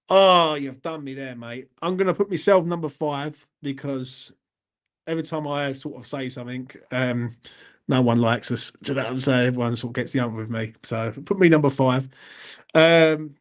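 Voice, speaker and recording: A man hosting a live stream, chatting bluntly with lots of swearing and frequent laughs. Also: medium pitch. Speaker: YouTube channel host. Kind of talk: casual live-stream chat.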